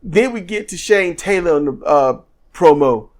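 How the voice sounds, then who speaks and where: Male podcast co-host, high voice, lively joking recap style. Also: moderate pace. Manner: animated, acts out quotes in silly voices; joking, laughs often. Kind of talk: casual wrestling review chat.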